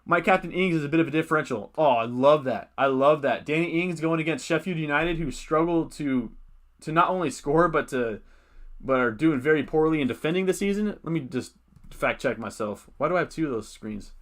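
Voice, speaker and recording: A man's voice: fairly high pitch, a little fast, fairly bright tone. A man hosting a casual fantasy football livestream. He thinks aloud, reads out viewer comments and uses many fillers.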